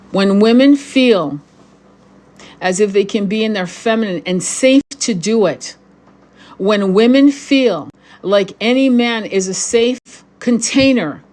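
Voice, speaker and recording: A woman's voice: mid-range voice, darkish tone. Angry, profane middle-aged woman ranting. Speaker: tarot reader and spiritual guide. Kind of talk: livestream rant to viewers.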